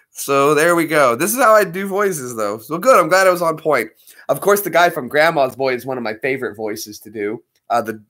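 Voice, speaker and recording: A man's voice: medium pitch, fairly bright tone. A man hosting a casual video, rambling and laughing as he chats between voice impressions. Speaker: video host.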